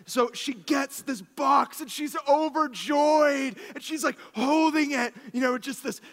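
A man in his thirties, a pastor preaching a sermon, telling stories with animated swings from soft asides to exclamations. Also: very high-pitched, measured pace, in a large hall.

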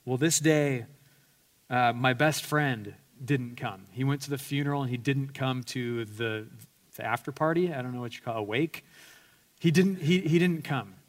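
A man's voice: mid-range voice, moderate pace. A male pastor preaching an earnest sermon, telling personal stories with self-deprecating humor and frequent restarts.

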